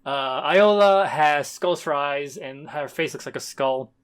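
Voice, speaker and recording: A man's voice: on the high side, unhurried, smooth. A man co-hosting a podcast in casual chat, rambling and stop-start with emphatic bursts. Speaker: podcast co-host.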